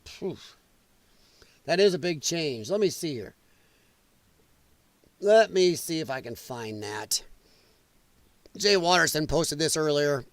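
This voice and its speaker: A man's voice: fairly high pitch, animated, takes it slowly, pauses often, no room sound. A man hosting a podcast livestream, rambling in casual commentary and reacting aloud to viewer chat. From United States. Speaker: podcast host.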